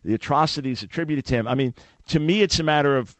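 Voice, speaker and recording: A man hosting a radio debate with a caller, talking fast and often restarting his words as he jumps in. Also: mid-range voice, no echo. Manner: interjecting, repeats words when starting a thought. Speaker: radio show host.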